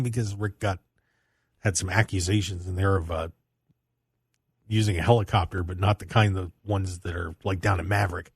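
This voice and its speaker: A wrestling radio show host chats casually and teases his co-host, animated and jumping high in pitch whenever he reacts. His voice is a little fast and creaky with a breathy edge, captured in clean, echo-free studio sound.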